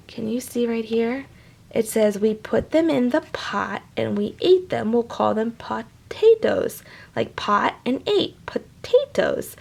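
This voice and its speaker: A woman reading a children's picture book aloud, with animated, chatty asides to young listeners. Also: high voice, vocal fry. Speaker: storybook reader.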